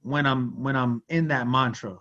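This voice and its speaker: A man's voice: mid-range voice, fairly even intonation, normal speed, fairly bright tone. Earnest man telling a personal story. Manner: earnest, with frequent "like" and "you know". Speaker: podcast host. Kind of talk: heartfelt conversational storytelling. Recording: slightly muffled audio.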